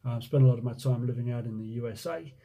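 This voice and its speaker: A man's voice: medium pitch, quick pace, gravelly, dull audio. A middle-aged man from Jersey with a mixed Jersey accent, chatting casually as he answers viewer questions about his window cleaning business, joking and humming as he reads. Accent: Jersey, mixed with time in the USA. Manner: chatty and joking, reads questions aloud, hums while scrolling. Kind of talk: casual Q&A vlog.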